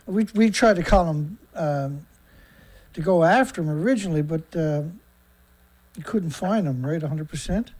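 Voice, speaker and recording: A man hosting a show, chatting on a call with quick interjections and restarts in a casual, conversational way. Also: on the high side, a little mellow. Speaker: show host. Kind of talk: casual phone talk.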